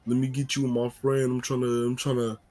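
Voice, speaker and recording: A man's voice: medium pitch, monotone, a little fast, a little mellow, close to an everyday voice. A man voicing a teenage boy trying too hard to sound laid back and tough. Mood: posturing. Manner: fake laid-back, posturing.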